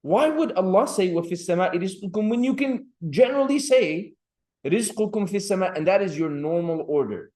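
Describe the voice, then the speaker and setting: A man's voice: high voice, animated, racing, darkish tone. A man teaching an Arabic grammar class, quizzing students by name and reciting Arabic phrases between his English explanations. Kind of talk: classroom lecture. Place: seminary classroom.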